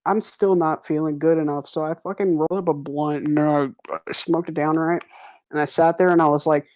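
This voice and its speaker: A man's voice: fairly high pitch, fairly even intonation, a little fast. A young man telling a long, profane story in a casual voice chat with friends, laughing as he goes.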